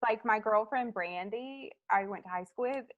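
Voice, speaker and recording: A woman's voice: mid-range voice, normal speed, narrow, tinny audio, slight background noise. A woman in her thirties, a guest in a casual interview, telling stories in a chatty way with lots of fillers. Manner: chatty storyteller, many fillers, acts out quotes. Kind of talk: casual chat.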